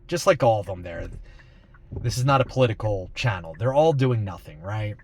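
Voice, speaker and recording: A man's voice: on the low side, lively intonation, normal speed. A man vlogging from inside a car, talking in a blunt, rambling, exasperated way. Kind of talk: casual monologue.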